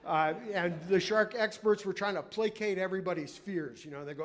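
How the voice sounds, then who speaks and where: A man's voice: high voice, normal speed, hardly any pauses. A middle-aged male comedian doing a self-mocking, rambling stand-up routine on a club stage, with audience laughter behind him. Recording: live club recording with crowd noise.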